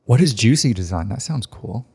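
A man's voice: fairly low pitch, expressive, moderate pace, darkish tone, husky. A man hosting a podcast interview, asking friendly, curious questions. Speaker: podcast host.

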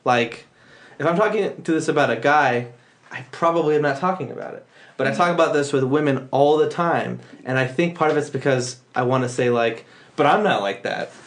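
Halting young man hosting a podcast. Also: on the high side, echoey room, a little hiss or hum. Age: young adult. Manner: halting, full of restarts and self-corrections. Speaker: podcast host. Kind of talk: casual chat.

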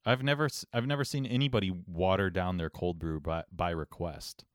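A man co-hosting a casual chat, ribbing his partner in a deadpan, teasing way. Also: low voice, brisk, no echo, clean studio sound.

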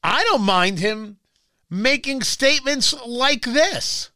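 A man's voice: very high-pitched, lively intonation, slow pace, bright, forceful tone, no echo, studio quality. A man hosting political talk radio, emphatic and sarcastic, sometimes mocking other voices. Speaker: radio talk show host.

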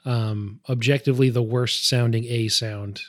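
Chatty New England podcast host. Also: male voice, mid-range voice, fairly even intonation, unhurried, no echo, clean studio sound. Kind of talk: casual chat.

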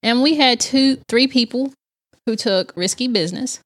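A woman's voice: fairly high pitch, moderate pace, no echo, studio quality. Upbeat woman co-hosting a podcast. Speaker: podcast co-host. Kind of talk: casual podcast chat.

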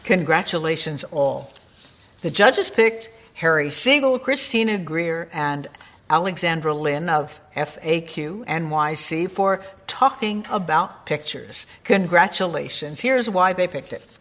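An announcer reads out a prize announcement in a formal, measured way. The voice sits at a middle pitch and keeps an even, prepared delivery. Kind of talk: read announcement.

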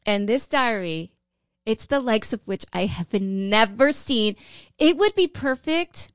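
A woman's voice: a little high, lively intonation, slow pace, clear, resonant tone, no room sound, studio quality. A woman co-hosting a podcast, telling a story and reading excerpts aloud, building it up with teasing. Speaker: podcast co-host. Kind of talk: casual chat, reading excerpts.

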